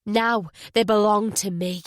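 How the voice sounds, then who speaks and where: A woman's voice: mid-range voice, fairly even intonation, measured pace, dry recording, studio quality, lightly acted. A woman voicing a cold, vengeful woman holding someone at gunpoint in an audiobook thriller. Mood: menacing. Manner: threatening, cold. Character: hard, vengeful young woman with a gun.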